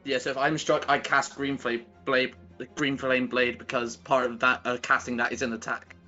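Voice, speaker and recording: A man's voice: mid-range voice, level tone, moderate pace. A man playing a tabletop game in casual chat, plainly explaining what his character will do. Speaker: player. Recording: dull lo-fi stream audio with music.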